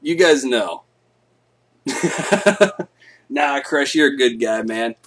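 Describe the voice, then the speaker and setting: A man's voice: medium pitch, lively intonation, drawn-out words, fairly bright tone, slightly rough. A man hosting a live stream, telling a rambling, profane, jokey story to his viewers.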